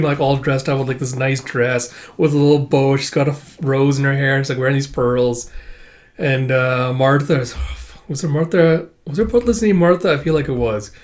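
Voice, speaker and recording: A man hosting a casual manga read-through, rambling with many fillers. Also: medium pitch. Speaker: host.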